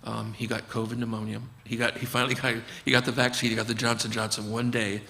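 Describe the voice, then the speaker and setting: A man's voice: medium pitch, level tone, fast talker, vocal fry, bright, forceful tone, long reverb tail. A man, a physician guest, talking earnestly and explaining his approach, often acting out conversations with patients. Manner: earnest, acts out dialogues with patients.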